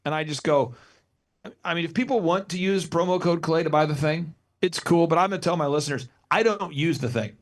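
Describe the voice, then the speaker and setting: Animated man in his forties, storytelling. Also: a little high, fairly quick. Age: 40s. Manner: energetic storyteller who acts out quotes. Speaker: business consultant, guest. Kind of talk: podcast interview.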